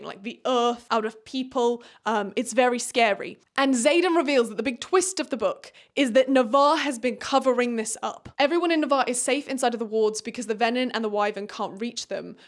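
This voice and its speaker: A woman giving a casual, sarcastic book recap, with chatty, dramatic asides. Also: on the high side. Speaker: book reviewer.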